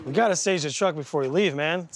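A man's voice: a little high, fast talker. A man on a reality TV clip, talking in an upbeat, enthusiastic way. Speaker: reality show cast member. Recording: TV clip with background music.

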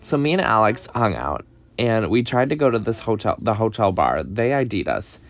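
A man's voice: lowish voice, very animated, normal speed. A young man telling a story in a casual, gossipy way, swearing and dramatic. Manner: gossipy, profane, dramatic retelling. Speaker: podcast host.

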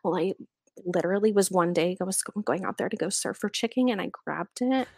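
A young woman co-hosting a podcast in casual chat, giggly and animated as she tells stories, swearing freely. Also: fairly low pitch, brisk, vocal fry, no echo, clean studio sound. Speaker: podcast co-host.

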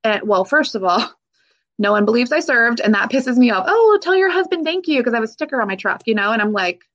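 Emotional woman veteran, halting speech. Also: medium pitch, a bit bright, dull audio. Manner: halting, emotional, with frequent fillers and nervous laughs. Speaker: military veteran guest. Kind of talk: emotional interview conversation.

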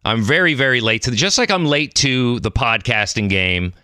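A man's voice: medium pitch, lively intonation, moderate pace, bright, forceful tone, clean tone, dry recording, clean studio sound. A man hosting a comedy podcast, talking wryly and mocking himself. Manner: self-mocking, wry. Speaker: podcast host.

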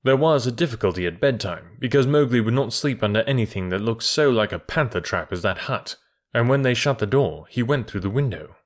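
A man reading a classic storybook aloud in a calm, measured way. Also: mid-range voice. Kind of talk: storybook narration.

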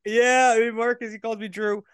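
A man's voice: very high voice, flat delivery, fairly quick, clear, resonant tone, no room sound. A middle-aged man co-hosting a podcast in casual chat, telling stories and laughing easily. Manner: chatty, storytelling, laughs easily. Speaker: podcast co-host.

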